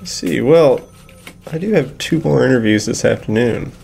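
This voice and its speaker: An actor playing a patronizing police sketch artist with a condescending, measured manner. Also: male voice, medium pitch, expressive, gravelly, darkish tone.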